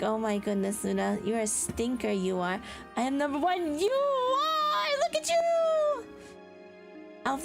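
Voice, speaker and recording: A woman streamer chatting excitedly with her live chat, bubbly and quick to laugh. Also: a little high, creaky. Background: background music.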